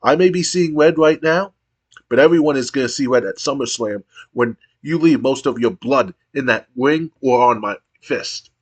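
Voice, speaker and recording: A man's voice: medium pitch, normal speed, husky, natural voice. A man voicing an angry male wrestler who speaks in a menacing, threatening way about a rival.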